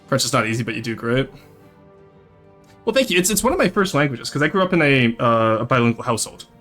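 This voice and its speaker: A man's voice: mid-range voice, very animated, fast talker, a bit bright, faint music behind. A young man from Ontario, chatting casually on a live stream, reading chat and switching between English and French with frequent laughs. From Ontario, Canada.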